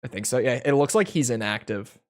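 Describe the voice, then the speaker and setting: A man's voice: mid-range voice, animated, fairly quick. A young man streaming a video game, chatting casually and picking apart the mission text with sarcastic asides. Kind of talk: casual gameplay commentary.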